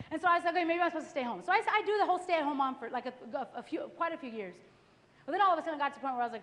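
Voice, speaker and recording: A woman giving a testimony sermon at a church worship service, telling stories lively and acting out her own past thoughts. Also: high-pitched, very fast. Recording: echoey live church recording.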